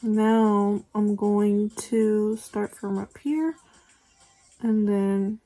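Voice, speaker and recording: A woman's voice: mid-range voice, fairly even intonation, drawn-out words, dark tone, soft background music, low-quality recording. A young woman chatting casually through a makeup tutorial, rambling with lots of fillers, recorded on a phone at home. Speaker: beauty vlogger. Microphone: phone camera.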